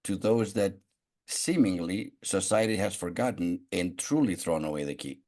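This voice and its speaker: A man's voice: deep voice, moderate pace, darkish tone. A man podcast host asking a guest long, searching questions that circle around before landing. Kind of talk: interview questions.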